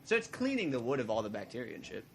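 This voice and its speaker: A man's voice: mid-range voice, huge pitch swings, racing, gravelly, fairly bright tone. A man co-hosting a casual podcast, joking and laughing a lot. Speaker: podcast co-host. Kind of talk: casual chat. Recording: noisy amateur recording.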